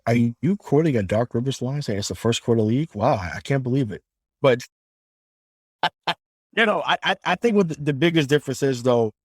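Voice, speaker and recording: Animated sports podcast guy ranting. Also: mid-range voice, fairly quick, slightly rough, no room sound, clean studio sound. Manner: animated, profane, rises into loud rants. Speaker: podcast co-host. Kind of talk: casual sports chat.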